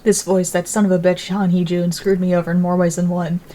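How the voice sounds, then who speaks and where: A woman narrating a story in the first person with an even, deliberate reading. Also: lowish voice.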